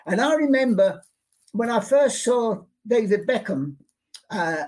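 An elderly man spins stories for an interviewer, his voice animated and full of repeated words for emphasis. He is recorded at his home studio, slipping into the voices of people he remembers. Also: high voice, a little slow. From London. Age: 80s. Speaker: interview guest, sports artist. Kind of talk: anecdotal storytelling in an interview.

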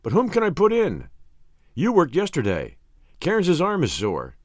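A man's voice: a little high, huge pitch swings, unhurried, dry recording, voice pushed up, exaggerated voice. A man reading an audiobook voices an earnest, worried baseball team manager in a dry recording.

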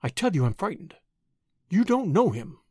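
Hoarse, frightened older woman schemer in a storybook reading, read by a man; low, dangerous edge; dry, close sound. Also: very animated, normal speed, darkish tone, no room sound, full character voice.

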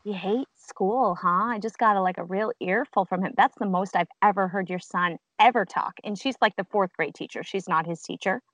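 Animated, frank woman co-host. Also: mid-range voice, brisk, hardly any pauses, no echo, low-quality recording. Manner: animated, agreeing, frank and profane. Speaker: podcast co-host. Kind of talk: casual chat.

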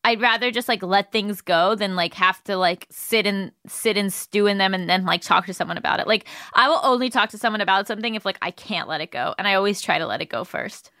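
A young woman co-hosting a podcast talks through advice casually, trailing off and restarting as she thinks aloud. Her voice is bright and clear. It sounds close-miked and dry, with no room around it. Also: medium pitch, a little fast, few pauses, dry recording. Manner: chatty, thinks aloud with many "like"s and restarts, laughs easily. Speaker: podcast co-host.

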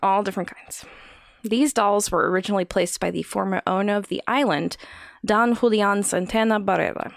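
A woman's voice: medium pitch, fairly quick, creaky, no echo, clean studio sound. A woman co-hosting a casual podcast, telling eerie stories with frequent laughs. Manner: giggly, storytelling. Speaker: podcast co-host. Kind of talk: casual chat.

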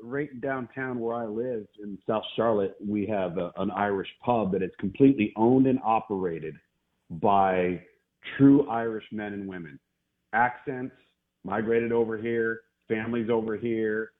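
A man's voice: lowish voice, unhurried. A man calling in as a college football analyst, telling stories casually and repeating himself for emphasis. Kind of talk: casual radio chat. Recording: phone-line guest call.

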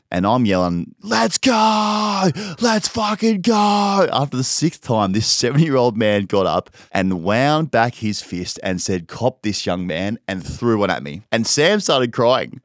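A man's voice: low voice, no room sound, clean studio sound. A man with an Australian accent hosting a podcast in casual, rambling, jokey chat, swearing freely. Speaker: podcast host. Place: studio.

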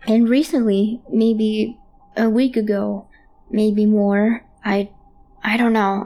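A woman with a soft, mellow tone tells a creepy first-person tale. She talks in halting, hushed phrases, like a frightened child trying to explain, and often stumbles over her own words. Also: a little high. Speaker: storyteller. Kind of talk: first-person horror story narration.

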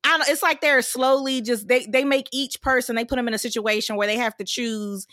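A woman's voice: a little high, a little fast, a bit bright, dry recording, clean studio sound. A woman co-hosting a podcast, casually musing about a TV show's characters and agreeing with her co-host. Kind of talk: casual TV recap chat.

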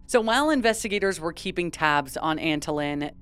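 Young woman, true-crime podcast co-host, lowish smooth voice, chatty, laughs a lot. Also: expressive, fairly quick, a bit bright.

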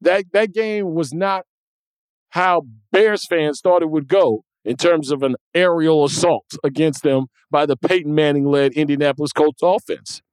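A man hosting a sports podcast, talking in a casual, animated way with emphatic restarts. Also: fairly high pitch, a little slow, clean tone, no echo. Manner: animated, emphatic, repeats words when he restarts. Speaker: podcast host.

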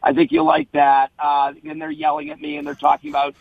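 A man's voice: a little high, very animated, a little fast, gravelly, no echo, narrow, tinny audio. A male comedian guest in casual chat, talking in an earnest, emotional, rambling way.

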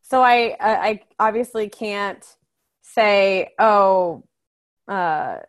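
A woman's voice: medium pitch, extremely slow. Chatty young woman podcast co-host. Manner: chatty, many fillers. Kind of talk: casual chat.

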